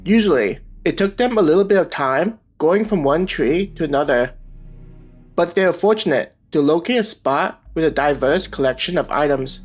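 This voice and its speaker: A man reading a web novel aloud as scripted audiobook narration, in a steady, even manner. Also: fairly high pitch, moderate pace. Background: faint background music.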